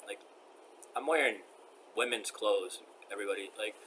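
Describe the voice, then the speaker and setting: A man's voice: fairly low pitch, moderate pace, background noise. An upset man venting in a personal vlog rant, agitated, rambling and repeating himself.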